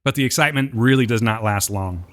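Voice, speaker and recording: A man's voice: mid-range voice, fast talker, a bit bright. A man co-hosting a podcast who casually retells TV scenes, joking as he goes. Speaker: podcast co-host. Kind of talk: casual recap chat.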